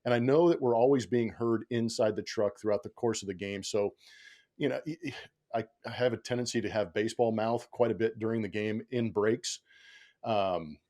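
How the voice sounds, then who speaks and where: A man's voice: on the low side, normal speed, mellow. A man who works as a baseball broadcaster, a podcast guest telling a story in casual chat, acting out quotes and often laughing.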